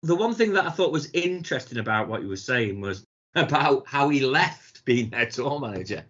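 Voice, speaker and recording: A man chats as a podcast co-host, spinning sweary anecdotes and slipping into the voices of the people in them. His voice sits at a middling pitch. The recording is muffled and lo-fi. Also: animated, normal speed, a bit bright, husky. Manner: sweary storytelling, mimics quoted people. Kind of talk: casual chat. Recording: dull lo-fi sound.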